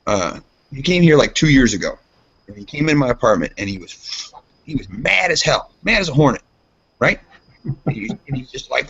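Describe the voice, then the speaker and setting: A man co-hosting a casual podcast, telling a rambling story and jumping into high voices for quotes. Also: big pitch swings, brisk, a bit bright, husky. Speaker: podcast co-host. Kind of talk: casual chat. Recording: dull lo-fi sound.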